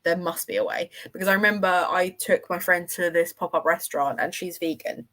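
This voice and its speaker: A woman's voice: fairly low pitch, fairly even intonation, fairly quick, a bit bright. A woman hosting a livestream, chatting casually and enthusiastically with her viewers as she rambles from one thought to the next. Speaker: livestream host.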